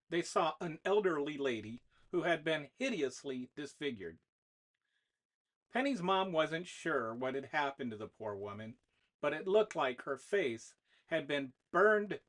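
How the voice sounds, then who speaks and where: Animated storybook narrator. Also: medium pitch. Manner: expressive, animated reading. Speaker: author and narrator.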